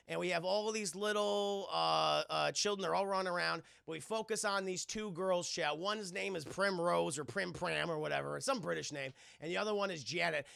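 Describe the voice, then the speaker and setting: High gravelly-voiced man ranting to his live chat. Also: a little fast, dry recording, clean studio sound. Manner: rambling, profane, animated. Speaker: livestream film reviewer. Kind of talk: casual chat with a live audience.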